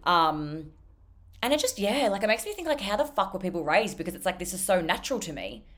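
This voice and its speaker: A woman's voice: mid-range voice, brisk. Blunt, swearing young woman. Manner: blunt, swears constantly, heavy filler "like"; animated, jumps between loud and soft. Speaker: podcast host. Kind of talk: casual solo podcast monologue.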